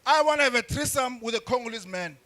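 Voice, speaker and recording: A young man doing crude, rambling stand-up comedy with frequent restarts and shouted bursts. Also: extremely high pitch, animated, fast talker. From South Africa.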